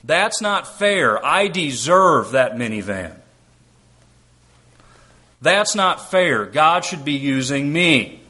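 A man voicing a whiny, entitled complainer who keeps protesting that things are not fair, in a slow, drawn-out whine. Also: fairly high pitch, big pitch swings, bright, forceful tone, heavily acted. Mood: whining.

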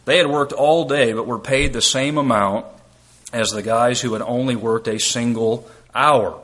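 A male preacher works through a scripture passage, reading verses aloud and explaining them step by step. He keeps checking in with rhetorical questions. His voice sits at an average pitch and has a bright, forceful edge. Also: unhurried. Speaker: preacher and Bible teacher. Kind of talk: expository sermon.

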